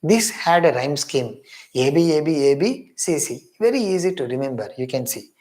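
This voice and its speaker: A man's voice: a little high, lively intonation, moderate pace, darkish tone. A man with an Indian English accent giving an exam-prep literature lecture, emphatic, repeating key points and calling viewers his friends.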